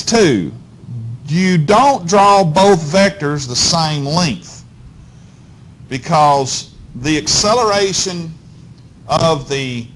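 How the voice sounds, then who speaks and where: Male physics teacher, fairly high and very lively voice, folksy classroom lecture, keeps checking in with the class, faint rumble underneath. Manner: keeps checking in with "okay?" and "all right?"; folksy, coaxing, talks straight to students.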